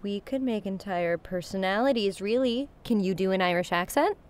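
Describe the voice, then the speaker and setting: A woman's voice: medium pitch, moderate pace, natural voice. An actress playing an upbeat, teasing young woman.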